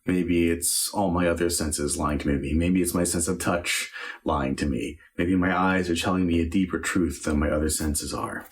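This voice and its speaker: Deep-voiced male acting teacher walking through verse line by line, unhurried and thinking aloud. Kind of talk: lesson on Shakespeare verse.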